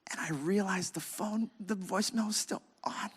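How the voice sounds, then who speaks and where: A man, a pastor, preaching a sermon and telling a lively personal story, acting out his own outbursts and laughing at himself. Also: sits high, moderate pace, in a large hall, a little hiss or hum.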